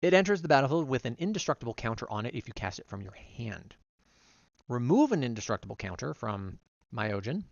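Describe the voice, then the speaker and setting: A man streaming as a vtuber, casually reading game card text aloud one card after another, quick and run-on. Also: mid-range voice, big pitch swings, vocal fry, dry recording, dull audio.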